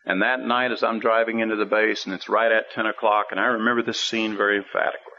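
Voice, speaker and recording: A man preaching a storytelling sermon in a folksy, conversational way, with emphatic swings from quiet asides to ringing exhortations. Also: on the low side, level tone, fast. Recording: dull lo-fi radio broadcast.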